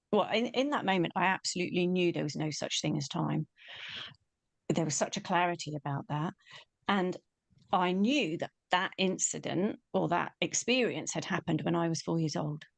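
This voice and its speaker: A woman with a fairly low voice tells a personal story in an animated way. She acts out the quoted voices as she goes. The recording is dry and close. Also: moderate pace, vocal fry, no echo. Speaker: spiritual teacher.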